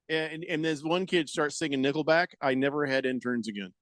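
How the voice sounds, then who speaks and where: A man's voice: on the high side, a little fast, hardly any pauses, a bit bright, no echo. A man hosting a sports radio show in casual banter, rambling and laughing as he reads listener texts. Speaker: radio sports talk host. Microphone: studio microphone.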